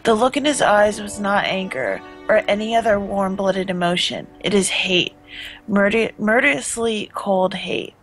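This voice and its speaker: A woman's voice: medium pitch, a little slow, soft background music, poor audio. A woman co-commentating a visual novel, reading its text aloud with dry, joking asides. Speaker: let's play co-commentator.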